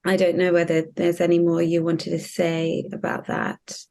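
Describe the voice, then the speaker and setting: A woman hosting an interview, asking thoughtful questions in a halting way. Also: fairly low pitch, completely flat delivery, gravelly, a little mellow. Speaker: interviewer, host. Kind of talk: conversational interview.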